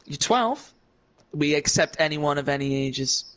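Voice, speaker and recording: A man's voice: a little high, expressive, a little slow, fairly bright tone, low-quality recording. A young man casually chatting on a live stream while playing a racing game, rambling and answering viewers in chat. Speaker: racing league streamer and commentator.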